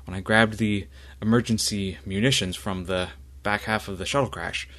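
A man voicing an earnest young male student in a tabletop game, halting and polite. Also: on the low side, steady tone, fairly bright tone, natural voice.

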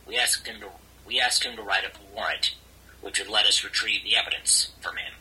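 A man's voice: lowish voice, steady tone, fairly quick, sharp tone, husky, poor audio. A man playing his character in a tabletop role-play, explaining himself with stammering, repeated restarts. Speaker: player.

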